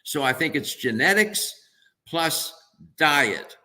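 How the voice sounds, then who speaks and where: Brief: man, nutritionist guest, bright forceful tone, earnest and emphatic on radio. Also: fairly high pitch, expressive, slow pace. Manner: earnest, emphatic, thinks aloud. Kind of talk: radio interview answer.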